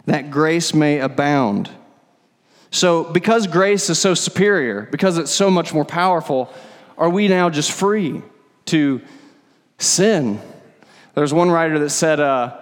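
A man's voice: fairly high pitch, a little slow. A man preaching a sermon as pastor, conversational and emphatic, often repeating words for stress. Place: church sanctuary. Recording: long hall reverb.

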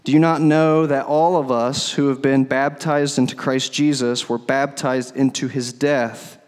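A man's voice: mid-range voice, little pitch movement, a little slow. A man preaching a sermon as pastor, conversational and emphatic, often repeating words for stress. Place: church sanctuary. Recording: long hall reverb.

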